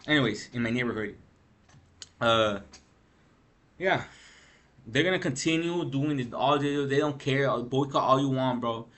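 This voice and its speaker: Speaking unhurriedly and pausing often, a man with a mid-range, slightly bright voice vlogs a rambling gaming-news rant. He's worn out from not sleeping, and his slangy talk is full of "bro" and "freaking."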